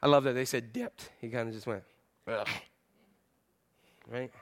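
A male pastor preaches in a church, animated and playful, repeating phrases to hammer his point home. His pitch is medium and his pace quick.

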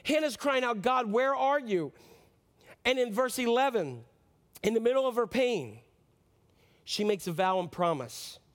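A man's voice: very high-pitched, very animated, moderate pace. A man preaching a sermon as pastor, earnest and impassioned, often putting direct questions to the congregation.

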